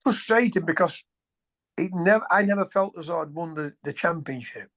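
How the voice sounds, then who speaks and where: A man, a former footballer telling colloquial, animated anecdotes as an interview guest. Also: fairly high pitch, moderate pace. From England. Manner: animated, colloquial, swears, restarts sentences. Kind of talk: anecdotal storytelling.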